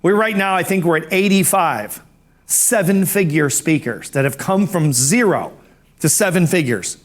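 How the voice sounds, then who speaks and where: A man's voice: fairly high pitch, expressive, measured pace. A middle-aged man teaching a speaking course, telling anecdotes in a conversational way that often repeats words and restarts phrases.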